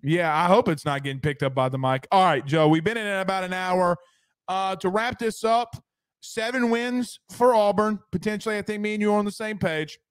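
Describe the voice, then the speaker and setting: A man's voice: high voice, normal speed, smooth, dry recording, clean studio sound. A man co-hosting a sports podcast in casual chat, full of crude joking banter.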